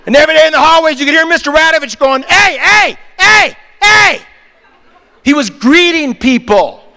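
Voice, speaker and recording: Older man, motivational storyteller, sharp bright tone, large echoing conference hall. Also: very high-pitched, fast talker. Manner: dramatic shifts from hushed to animated. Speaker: keynote speaker. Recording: long reverb of a big hall.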